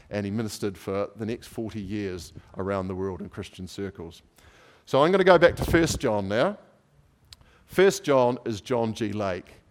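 A man preaching a sermon, telling a story with lively swings in pitch and loudness and acting out the people in it. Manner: animated storyteller acting out voices.

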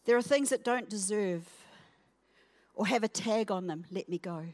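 A woman preaching a sermon, acting out her points in a playful, self-mocking way that swings between loud and soft. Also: medium pitch, measured pace, no room sound. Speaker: guest preacher. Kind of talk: sermon with acted illustration.

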